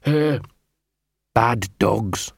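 A man's voice: a little high, animated, unhurried, no room sound, studio quality. A man voicing a small scruffy male street dog who talks in an anxious, miserable, whiny way. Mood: fretful.

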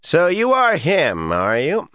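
A man's voice: a little high, wildly swooping pitch, takes it slowly, pushed and bright, clear, resonant tone, dry recording, voice pushed up, exaggerated voice. A man voicing a sneering, arrogant male recruit who demands answers in an insolent tone. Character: sneering arrogant male recruit, just short of middle age.

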